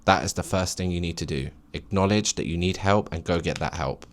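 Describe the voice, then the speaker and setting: A man in his late twenties with a deep, low-pitched voice talks through a solo podcast monologue. He rambles, preaches and presses his points with emphatic encouragement to the listener. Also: a little fast. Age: late 20s. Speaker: podcast host.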